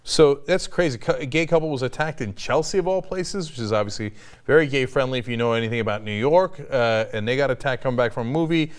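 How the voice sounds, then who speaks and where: A man's voice: medium pitch, quick pace, clean tone. A middle-aged man hosting an online news show, arguing his opinions bluntly and swearing casually. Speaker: news commentary host.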